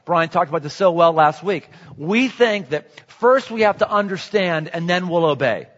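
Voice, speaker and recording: A man preaching a sermon in a lively, joking way. He repeats himself and acts out voices. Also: sits high, moderate pace, few pauses. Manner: animated, jokey, repetitive, acts out voices. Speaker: pastor. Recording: echoey hall, dull sound.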